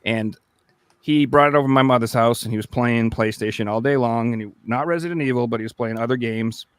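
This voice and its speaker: A man co-hosting a casual podcast, talking at a middle pitch. He tells an old story with energy and acts out his own shocked reactions along the way. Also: brisk, smooth, no echo. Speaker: podcast co-host. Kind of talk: casual chat.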